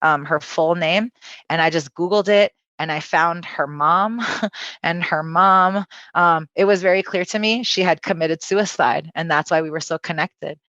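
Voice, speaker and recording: Speaking a little slowly in a lowish voice, this woman, a podcast guest and spiritual healer, shares a personal story with lively, foul-mouthed energy and acts out the quotes. There's no echo, and the high frequencies are missing.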